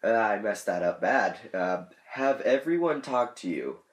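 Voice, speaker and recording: Deep-voiced joking man in an echoey room. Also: animated, a little slow. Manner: joking, rambling, trails off into mumbles. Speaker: gaming channel host. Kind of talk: casual chat.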